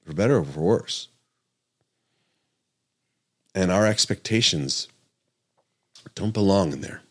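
A middle-aged man with an extremely deep, low voice, hosting a podcast monologue as a doctor. He speaks earnestly and with emphasis, circling back to repeat key points and stopping to correct himself mid-thought. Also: lively intonation, slow pace, slightly rough.

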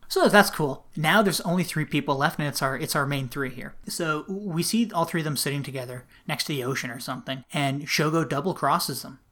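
With a fairly bright, higher-pitched voice, a man co-hosting a podcast runs through a film's story quickly, barely pausing. He's chatty, laughs a lot, and peppers his speech with "like."

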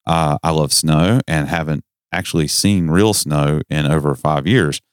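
A man's voice: rumbling low, a little slow, smooth, dry recording, clean studio sound. A middle-aged man from the North Carolina mountains with a Southern accent, co-hosting a podcast in joking, rambling casual chat. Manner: joking, rambling, self-deprecating. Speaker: podcast co-host.

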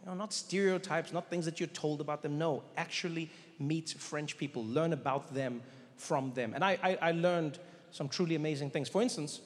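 A man doing stand-up comedy on a theater stage, telling a story with animated delivery and acting out characters. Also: fairly high pitch, moderate pace. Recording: live hall reverb, faint ambience.

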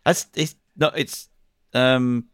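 A man co-hosting a casual podcast chat, speaking in a measured way and trailing off softly at the ends of sentences. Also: mid-range voice, steady tone, clean tone, dry recording, studio quality. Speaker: podcast co-host.

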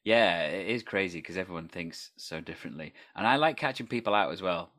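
A man's voice: sits low, expressive, a little fast, pushed and bright. A man hosting a casual interview, upbeat and jokey as he steers the talk with questions.

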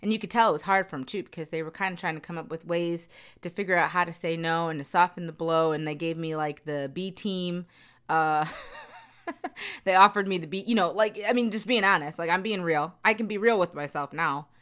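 Low-voiced woman talking candidly to viewers. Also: brisk, fairly bright tone, clean tone. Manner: earnest, emphatic, repeats phrases for emphasis. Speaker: vlogger. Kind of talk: candid personal talk to viewers.

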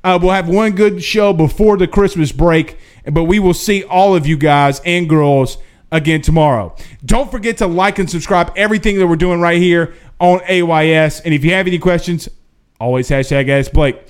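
A man's voice: a little high, normal speed, smooth. A male sports talk show host, chatting casually on a live stream and reading out viewer questions in a drawling, folksy way. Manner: animated, drawling, folksy asides.

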